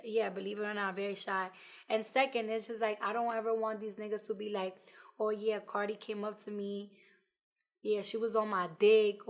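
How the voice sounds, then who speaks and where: Brief: twenties New York woman rapper, slightly high voice, blunt and profane, animated storyteller. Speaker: rapper, interview guest. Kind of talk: casual interview chat.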